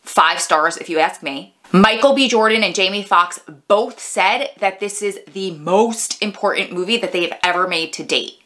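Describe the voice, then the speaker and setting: A woman giving a casual, heartfelt film review in a chatty, expressive way. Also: medium pitch, normal speed, hardly any pauses. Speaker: movie reviewer vlogger.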